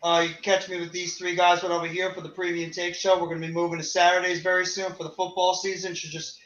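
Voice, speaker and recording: A man co-hosting a sports podcast, promoting his channel in a brisk way. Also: sits high, level tone, fairly bright tone, echoey room, muffled recording, a little hiss or hum. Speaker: podcast co-host. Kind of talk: casual sports podcast chat.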